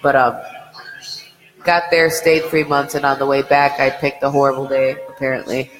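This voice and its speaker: A man's voice: medium pitch, little pitch movement, moderate pace, a bit bright, big-room sound, soft background music, low-quality recording. A man co-hosting a podcast, chatting casually in a rambling way and swearing freely. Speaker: podcast co-host. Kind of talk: casual chat.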